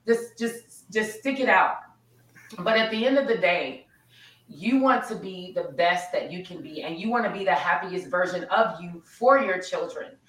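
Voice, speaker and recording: A woman's voice: on the low side, animated, moderate pace, distant mic. A woman hosting a podcast, speaking in an encouraging, upbeat way and reading out listener comments. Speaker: podcast host. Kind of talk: casual chat. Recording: bright echoey room, a bit off-mic.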